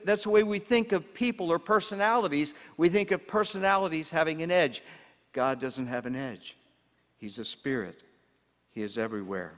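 A man preaching a sermon as pastor, earnest and emphatic, slowing down to stress key words. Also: fairly high pitch. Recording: long hall reverb.

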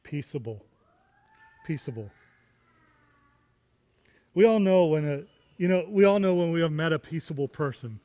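A man's voice: on the high side, brisk, warm tone, in a large hall. A man preaching a sermon, repeating key phrases and rising into emphatic questions. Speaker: pastor.

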